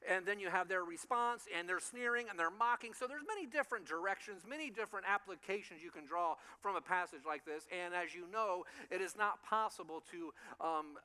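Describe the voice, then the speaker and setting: High, bright-voiced preaching man. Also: long reverb tail. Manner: animated storytelling, acts out voices, chuckles. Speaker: pastor. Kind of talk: sermon. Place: church sanctuary.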